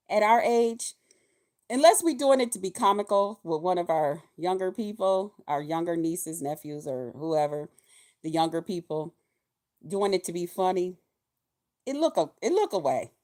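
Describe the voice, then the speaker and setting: A woman in her fifties talking casually in a vlog, animated and profane, laughing often. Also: mid-range voice, moderate pace. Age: 50s. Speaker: vlogger.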